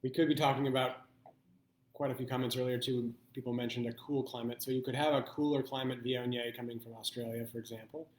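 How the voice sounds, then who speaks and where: A man hosting a live online blind wine tasting, thinking aloud in an unhurried way and pausing often to weigh his options. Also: mid-range voice, steady tone, roomy sound. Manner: thoughtful, thinking aloud with pauses.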